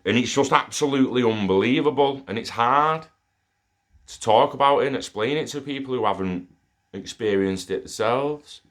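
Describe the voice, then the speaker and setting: A man's voice: medium pitch, normal speed. Young guy ranting about a wild experience, swears a lot, all over the place. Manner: profane, rambling and excitable. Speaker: storyteller sharing an experience. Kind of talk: casual monologue.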